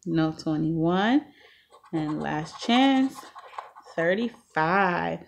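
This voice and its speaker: A woman co-hosting a lottery ticket scratching video, talking casually and breaking into loud cheers. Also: fairly low pitch, expressive, extremely slow, creaky, slight background noise. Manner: upbeat, bursts into loud cheers. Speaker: channel co-host.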